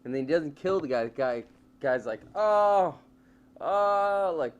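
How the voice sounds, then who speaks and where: A man co-hosting a casual comedy podcast, telling a story in an animated way and acting out the voices. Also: medium pitch, fairly quick. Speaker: podcast co-host.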